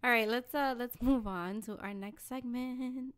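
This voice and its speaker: A young woman co-hosting a podcast, telling a story in a blunt, animated, profane way. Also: fairly high pitch, unhurried, clear, resonant tone. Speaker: podcast co-host. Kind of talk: casual podcast chat.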